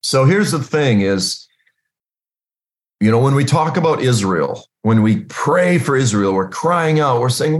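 A man's voice: mid-range voice, unhurried. A man giving a casual sermon built on personal stories, talking in a loose conversational way with many "you know"s and "like"s. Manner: acts out dialogue with animated voices. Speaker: Christian teacher.

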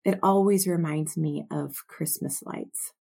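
A woman teaching from scripture in a slow, reflective way, sometimes dropping to soft near-whispers. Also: sits low, steady tone, gravelly, husky. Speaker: Bible teacher.

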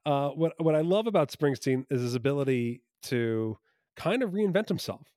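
A man's voice: a little high, lively intonation, normal speed, mellow, no echo, studio quality. Enthusiastic man from New Jersey. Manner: enthusiastic, rambling, self-correcting. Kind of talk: casual podcast chat.

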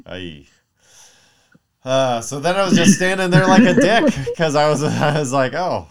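A man in his thirties, a podcast co-host, telling a long story in casual chat, animated and profane, acting out quotes. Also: a little high, unhurried, a loud crowd. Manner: mimics voices in quotes.

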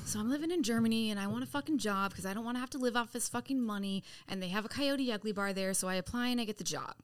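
A middle-aged woman from San Diego telling her life story on a podcast in a blunt, profane, animated way. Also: fairly high pitch, very fast, clear, resonant tone. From San Diego, California. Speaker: podcast guest. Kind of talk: casual storytelling.

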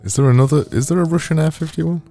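A man's voice: a little high, fast, warm tone, faint music behind. A man with a Northern English accent co-hosting a podcast, teasing his friends in dry, casual banter. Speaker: podcast co-host.

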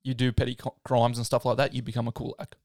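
A man's voice: mid-range voice, monotone, fast, darkish tone, dry recording, clean studio sound. A man hosting a podcast, casually explaining history and laughing often. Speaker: podcast host. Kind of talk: casual chat.

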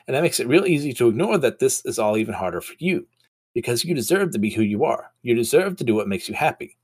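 A soft-spoken, weakened young man, read aloud by a man, sincere and a little halting. His quiet voice stays close to a man's everyday middle pitch. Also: very animated, husky. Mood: earnest.

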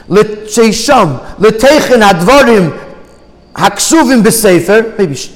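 A man with a high voice and wide pitch swings leads a Torah text study at an unhurried pace, reading Hebrew lines aloud and then explaining them in English. He repeats and restarts words while reasoning aloud, and the recording carries a long hall reverb.

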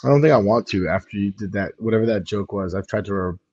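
Husky, low-voiced New man. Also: fast talker. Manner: blunt, deadpan jabs. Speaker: podcast co-host. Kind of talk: casual sports banter. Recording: dull lo-fi sound.

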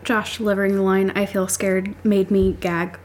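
A woman's voice: medium pitch, level tone, normal speed, a little mellow, faint music behind. A woman who edits and produces a podcast, recording a personal voice memo at home with her cats nearby. She is tearful and emotional, laughing through tears and swearing now and then.

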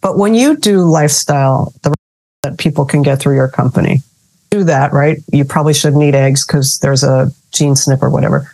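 A woman's voice: low-pitched, moderate pace, dark tone. A woman hosting a casual interview, chatty and relatable, with self-deprecating humor. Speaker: podcast host.

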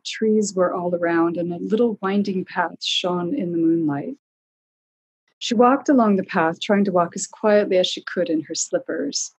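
A woman narrates a storybook in a calm, measured reading voice. Her tone is low and somewhat breathy, with a husky grain. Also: poor audio.

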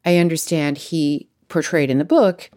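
Low-voiced woman interviewer. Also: moderate pace, warm tone. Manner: engaged, affirming, admiring.

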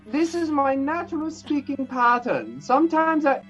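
A game master voicing a locked-up prisoner who talks in a halting, overly formal way with a put-on accent. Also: high-pitched, highs cut off, soft background music, voice pushed up, lightly acted. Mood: defensive. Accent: put-on foreign-sounding accent.

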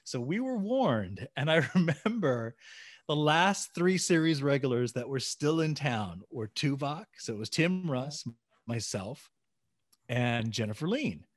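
A man co-hosting a podcast, telling a story in a casual, animated way, acting out dialogue and laughing along. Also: mid-range voice, a little slow. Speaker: podcast co-host.

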